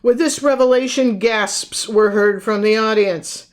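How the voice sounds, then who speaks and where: A woman co-hosting a podcast, reading aloud from her own book and old news clippings in a measured way, naming and quoting her sources. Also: on the high side. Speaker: podcast co-host and author. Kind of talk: reading aloud from research notes.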